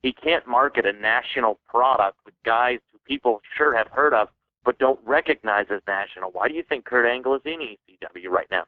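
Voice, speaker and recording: A man's voice: mid-range voice, fairly quick, no echo. A man co-hosting a radio show, arguing his points with rhetorical questions. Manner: argumentative, fires rhetorical questions. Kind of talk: casual radio debate. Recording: tinny dry AM radio broadcast.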